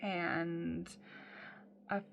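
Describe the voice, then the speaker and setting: A woman's voice: on the low side, little pitch movement, very slow, creaky, highs cut off, a little hiss or hum. A woman talking in a casual personal video diary, blunt and swearing freely, with many "um" fillers. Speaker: vlogger.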